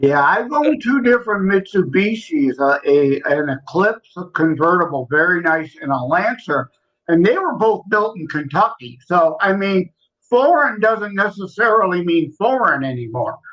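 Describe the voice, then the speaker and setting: A man's voice: high-pitched, big pitch swings, normal speed, fairly bright tone, lo-fi sound. A man from Michigan co-hosting a podcast, talking earnestly and literally in casual chat. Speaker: podcast co-host.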